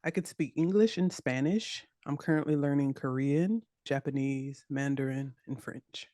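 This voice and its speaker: A woman with a Southern US accent, chatting as a podcast guest, animated and laughing often as she acts out what people said. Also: a bass voice, normal speed, no room sound, clean studio sound. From United States. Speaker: podcast guest, web developer. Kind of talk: casual interview chat.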